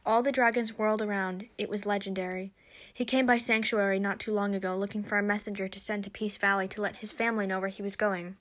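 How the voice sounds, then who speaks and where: Woman narrating a storybook, steady and even, mid pitch. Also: fast talker. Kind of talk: storybook reading.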